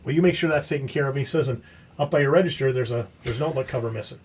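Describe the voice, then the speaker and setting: A man's voice: medium pitch, racing, breathy edge. A man hosting a podcast, telling a story in casual chat and acting out the quoted dialogue. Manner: animated, acts out quoted dialogue. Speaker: podcast host.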